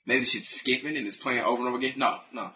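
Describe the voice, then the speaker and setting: A man in casual chat, telling profane, animated stories about his call center job. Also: mid-range voice, fast talker, lo-fi sound. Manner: animated storyteller acting out callers in different voices.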